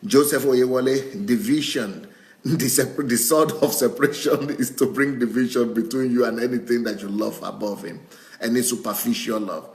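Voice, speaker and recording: A man's voice: mid-range voice, steady tone, moderate pace, darkish tone. A man, a pastor, reading out viewer comments and chuckling often as he goes. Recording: roomy echo.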